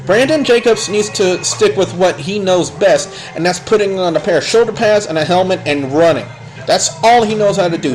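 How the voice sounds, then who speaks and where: A man's voice: fairly high pitch, poor audio. A man giving a blunt, opinionated spoken review of a wrestling show, rambling and restarting his sentences.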